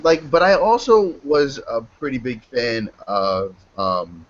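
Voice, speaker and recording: A man's voice: medium pitch, slow pace, muffled recording, slight background noise. Casual, joking male podcast host. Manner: loose, profane, joking. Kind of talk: casual chat.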